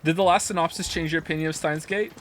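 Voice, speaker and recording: A man's voice: a little high, fairly even intonation, quick pace, fairly bright tone. A man streaming a video game while reading chat, rambling, swearing and reacting with incredulous outbursts.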